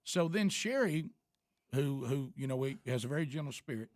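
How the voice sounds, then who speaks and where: A man's voice: mid-range voice, animated, normal speed, no echo, clean studio sound. A man, a radio show host, telling a story in casual talk and acting out both sides of a quarrel with many restarts.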